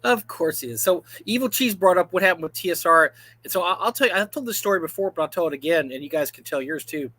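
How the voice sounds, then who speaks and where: Co-host, man in his 50s, fairly high voice, animated storyteller, casual stream chat. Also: quick pace, no room sound. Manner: animated storyteller, full of asides. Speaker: livestream co-host.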